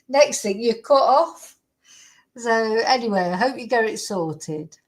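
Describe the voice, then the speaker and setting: A woman's voice: fairly high pitch, animated, unhurried, rough recording. Rambling chatty woman host. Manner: rambling, chatty, thinks aloud. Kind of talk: casual livestream chat.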